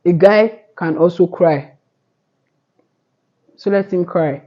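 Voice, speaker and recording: This twenty-something vlogger speaks slowly in a voice on the low side, giving earnest, casual motivational advice to camera while rambling and restarting. The audio is dull.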